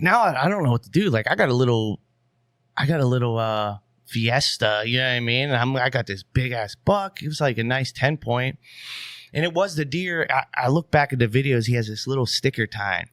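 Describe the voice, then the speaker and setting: Animated man telling a story on a dry mic. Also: mid-range voice, no echo. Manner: animated, swears freely, leans on "you know what I mean". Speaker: podcast guest. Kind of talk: casual storytelling.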